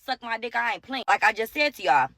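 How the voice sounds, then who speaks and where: A woman's voice: fairly high pitch, animated, sharp tone, no room sound. A young woman from Ohio telling a blunt, profane storytime in a casual monologue. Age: young adult. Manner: profane, blunt, fast-talking.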